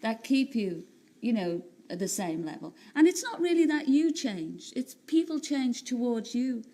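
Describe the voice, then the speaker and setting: Chatty Liverpool woman, fairly high voice. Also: a little slow. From Liverpool, England. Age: 30s. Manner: chatty, animated storytelling with frequent laughter. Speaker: singer and TV entertainer, guest. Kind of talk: chatty talk-show interview. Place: TV studio.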